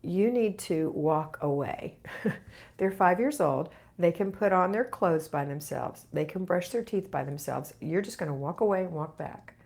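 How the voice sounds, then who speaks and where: A woman's voice: on the low side, unhurried, creaky, a little mellow. A middle-aged woman hosting a live question-and-answer stream, reading viewer comments aloud and answering with chatty encouragement. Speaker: home organizing channel host.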